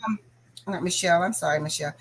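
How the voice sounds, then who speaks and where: A woman hosting a casual crafting livestream, chatting to viewers in an animated, bubbly way. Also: lowish voice, quick pace, rough recording.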